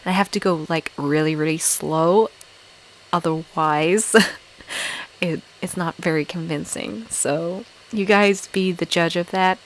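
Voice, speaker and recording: A woman's voice: on the low side, steady tone, a little slow, poor audio. A woman with an English accent, hosting a casual live-stream chat with viewers. She giggles a lot and fills her talk with "like" and "um". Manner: giggly, filler-heavy, self-deprecating. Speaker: ASMR channel host on a live stream.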